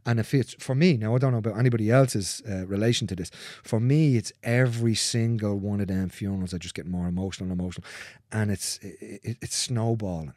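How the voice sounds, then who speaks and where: A man speaks as a guest in a candid conversation, earnest and repetitive, swearing freely and slipping into soft, near-whispered phrases. His fairly low voice moves quickly with hardly any pauses, and there's no echo.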